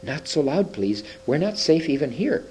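Guy doing a hushed hoarse beaver, whispery and throaty, jumpy secretive storybook critter. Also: a little high, sing-song, normal speed, a little hiss or hum, voice pushed up, rough recording. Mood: hushed urgent. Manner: hushed and urgent. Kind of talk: reading a storybook aloud.

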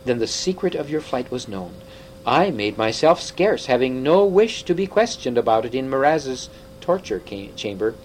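A man reading an audiobook, voicing an excitable old half-dwarf scholar who lectures briskly. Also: mid-range voice, a little hiss or hum, lightly acted, rough recording. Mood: explaining.

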